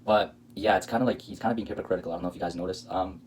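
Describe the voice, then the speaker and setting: A man's voice: low-pitched, fairly even intonation, rapid-fire, slight background noise, rough recording. A man hosting a reaction video, talking casually with sarcastic, indignant, rambling commentary.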